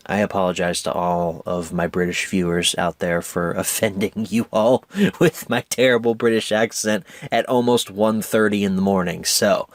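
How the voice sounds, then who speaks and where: Young man, casual movie review, low voice, dry close sound, animated, rambling. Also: moderate pace, no room sound. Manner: animated, rambling, self-correcting. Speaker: host of a home media review show.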